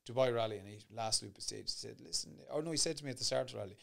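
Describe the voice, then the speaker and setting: A man's voice: medium pitch, gravelly, a bit bright. A man co-hosting a casual rally chat, telling self-deprecating stories from his own driving days. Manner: anecdotal, self-deprecating, quick to laugh. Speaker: podcast co-host and former rally driver.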